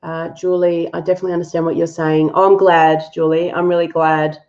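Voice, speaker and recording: A woman's voice: on the low side, flat delivery, fairly quick, a little mellow, muffled recording. A woman hosting a live-stream animal reading and answering viewers, affectionate and thinking aloud with fillers.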